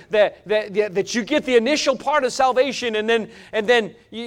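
A man preaching from the pulpit in a notably high voice. He drives his points hard and loud, then drops almost to a murmur for emphasis, with a fast, restless delivery. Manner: swings from loud exhortation to hushed intensity. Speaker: pastor. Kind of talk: sermon.

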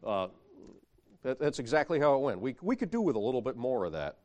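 Man, preacher, sermon, lively swinging pitch, emphatic scripture reading. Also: brisk.

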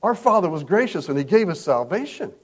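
Lively high-voiced pastor preaching. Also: male voice, a little fast. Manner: conversational, acts out quoted voices. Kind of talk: verse-by-verse sermon. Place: church service.

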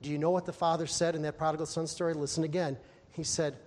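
Man, preacher, sermon, animated storytelling, slightly high voice, long hall echo. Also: quick pace. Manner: animated storytelling, acting out the characters in raised voice.

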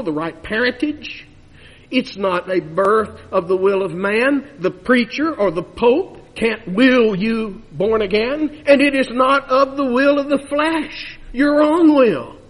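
Male preacher, emphatic sermon, high husky voice, long reverb of a church. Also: measured pace. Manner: emphatic, swinging between loud urging and hushed lows.

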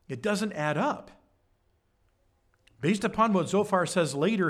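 Animated man teaching a Bible sermon. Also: breathy edge. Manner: conversational, rhetorical asides with "right?"; acts out quoted speech with shifts in pitch. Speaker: pastor.

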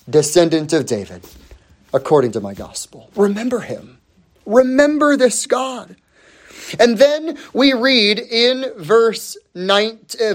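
Slow, emphatic male preacher. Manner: slow, emphatic preaching with repeated phrases and sweeping drops in pitch. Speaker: pastor. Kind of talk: sermon.

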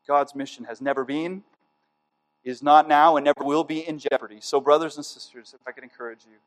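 A man's voice: a little high, brisk, in a large hall, poor audio. A man preaching a sermon to a congregation and leading a closing prayer, earnest, with a repetitive preaching cadence. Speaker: pastor. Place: church before a congregation.

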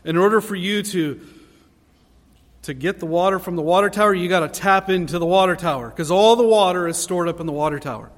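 A pastor with a high voice preaches earnestly and fairly quickly in a church sanctuary, building emphasis on key phrases. The hall gives the recording a long reverb.

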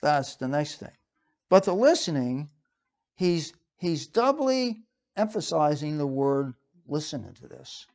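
A man's voice: a little high, sing-song, unhurried, a little mellow. A man preaching a sermon in a conversational way, with frequent fillers and restarts.

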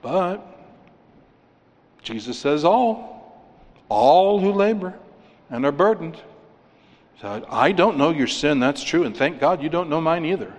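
A pastor preaching a sermon, emphatic, asking rhetorical questions and repeating words for stress. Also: male voice, a little high, expressive, a little slow, pauses often. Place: church sanctuary. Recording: long reverb of a church hall.

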